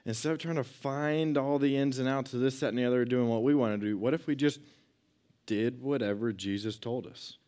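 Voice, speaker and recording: A man giving a relaxed, conversational Bible lesson to young listeners. He talks at an ordinary mid pitch and keeps it lively, slipping into little performed voices for the people he quotes. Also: fairly quick. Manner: chatty and animated, acts out quoted lines. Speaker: youth Bible teacher.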